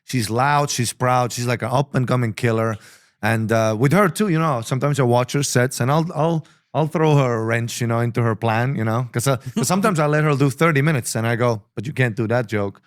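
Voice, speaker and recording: A man's voice: mid-range voice, brisk, no echo, clean studio sound. Foul-mouthed man telling rambling stories. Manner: crude, rambling storytelling. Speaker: podcast host. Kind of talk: casual chat.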